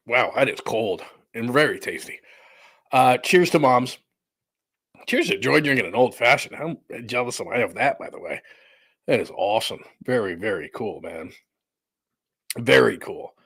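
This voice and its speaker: A middle-aged man at a home mic, talking in a loose, rambling way while a little winded. His voice sits at an everyday middle pitch, and the room sounds dry and close with no echo. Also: lively intonation, moderate pace, pauses often, a bit bright, breathy edge. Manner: rambling, loose, chatty, thinking aloud. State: out of breath. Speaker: sports podcast host. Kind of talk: casual live-stream chat. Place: room at home under renovation.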